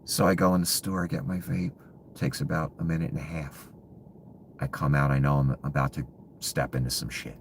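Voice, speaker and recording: Man, extremely deep voice, bitter contemptuous rant, swears, drops to hushed mutters, faint background hiss. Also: level tone, normal speed. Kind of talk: ranting monologue.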